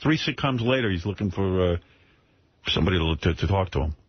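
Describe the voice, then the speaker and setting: A man's voice: low-pitched, expressive, fast, slightly rough, dry recording, lo-fi sound. A man hosting a radio show, talking bluntly and profanely, lecturing his co-host in casual banter.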